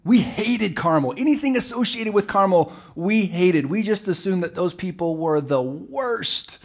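Animated middle-aged male pastor preaching. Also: high voice, a little slow. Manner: animated storytelling, acts out the voices of the people in the story. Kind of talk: sermon.

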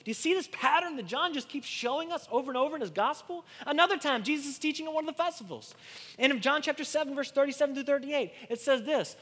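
A man preaching a sermon, swinging between loud declarations and hushed, intimate lines, often repeating and restarting words. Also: very high voice, animated, quick pace. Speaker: pastor. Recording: long hall reverb.

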